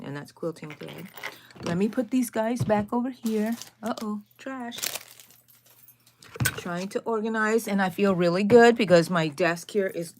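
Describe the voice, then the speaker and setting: A middle-aged woman, chatting casually on a crochet livestream from her craft room and greeting viewers by name. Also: sits low. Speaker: crochet channel host.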